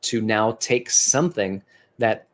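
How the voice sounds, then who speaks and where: A man's voice: lowish voice, slow pace. A man, a fitness educator and personal trainer, giving a conversational instructional lecture in an earnest, encouraging way with occasional self-corrections.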